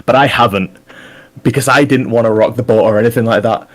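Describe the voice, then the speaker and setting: A man's voice: medium pitch, fairly even intonation, fairly quick. A man cutting a furious, profane wrestling promo, demanding answers and ranting about being overlooked.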